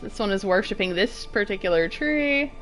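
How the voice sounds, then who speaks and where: A woman's voice: medium pitch, lively intonation, normal speed, fairly bright tone, faint music behind. A woman in her thirties chatting casually while streaming a game, giggly and playfully swearing. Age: 30s. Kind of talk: casual gameplay commentary.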